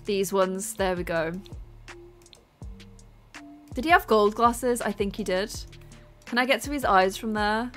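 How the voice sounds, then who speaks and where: A woman's voice: medium pitch, a little slow, pauses often, faint music behind. A woman playing a life-sim game and commenting, theatrical, playfully menacing and giggly. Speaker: gaming YouTuber. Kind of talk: playful let's-play commentary.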